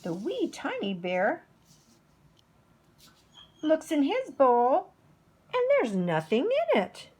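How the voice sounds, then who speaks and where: A middle-aged woman, a preschool teacher, slowly telling a story to toddlers. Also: high voice. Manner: slow, expressive storytelling.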